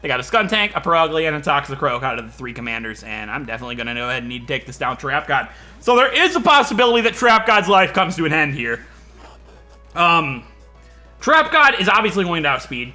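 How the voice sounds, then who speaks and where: A man hosting a Let's Play, reasoning through each move aloud in animated game commentary. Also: a little high.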